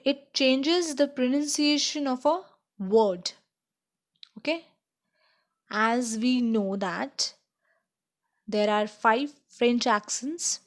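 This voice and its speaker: A woman teaching a slow beginner French lesson, checking in with "okay?" as she explains each point. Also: fairly high pitch.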